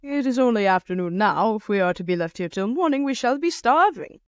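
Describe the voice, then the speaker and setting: A woman reader voices a timid, fussy gentleman on a stranded train in a storybook. He frets and exclaims, pitched a little above the narration. The recording is dry and close. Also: animated, fairly quick, no echo, close to an everyday voice. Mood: anxious. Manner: anxious, exclaiming. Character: timid male traveler, anxious, fussy.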